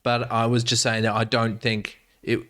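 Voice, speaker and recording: A man, a comedian and actor, chatting as a podcast guest and telling animated, self-mocking stories with plenty of restarts. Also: mid-range voice, moderate pace. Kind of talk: casual podcast chat.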